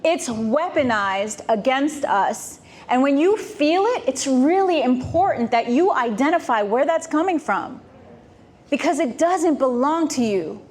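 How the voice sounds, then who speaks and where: A woman podcast guest telling a story in slangy, animated conversation, laughing often. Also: high-pitched, measured pace. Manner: laughing, slangy, lots of restarts.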